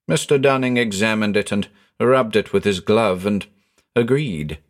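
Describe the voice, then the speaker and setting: A man narrating a ghost story in a measured, expressive reading. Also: lowish voice.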